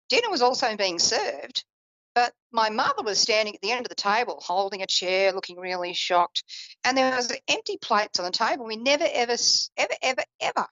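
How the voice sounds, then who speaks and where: A woman psychic on a radio show tells a personal family story, lively and acting out the quoted relatives in a raised pitch. The recording has no room sound and its highs are cut off.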